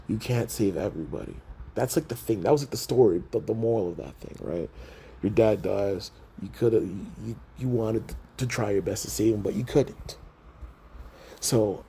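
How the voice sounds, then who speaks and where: A man hosting a podcast, ranting in a casual, animated way, swearing a lot and acting out characters in mock outrage. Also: fairly low pitch, creaky, a little hiss or hum. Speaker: podcast host. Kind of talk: casual movie rant.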